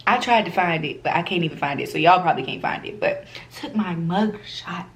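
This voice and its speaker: A young woman, chatting casually as a vlogger, animated and slangy, often acting out the people in her story. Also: lowish voice, fairly quick, slight background noise. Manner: animated, slangy, acts out quoted voices.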